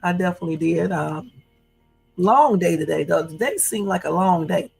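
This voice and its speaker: A woman's voice: fairly low pitch, normal speed, gravelly, darkish tone, breathy edge. A woman hosting a late-night livestream, talking casually and chatting straight to her viewers as "y'all". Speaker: livestream host. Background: faint music.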